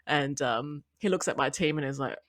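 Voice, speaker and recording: A woman co-hosting a podcast. She tells stories in a casual, animated way, acts out what other people said, and breaks into loud laughter often. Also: deep voice, moderate pace, no echo, studio quality. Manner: giggly, laughs loudly and often; animated storytelling with quoted voices. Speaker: podcast co-host. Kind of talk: casual chat.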